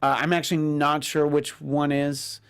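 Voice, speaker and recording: A man hosting a casual podcast chat, telling stories and mimicking people in squeaky voices. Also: level tone, normal speed, gravelly, fairly bright tone, clear, resonant tone. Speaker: podcast host.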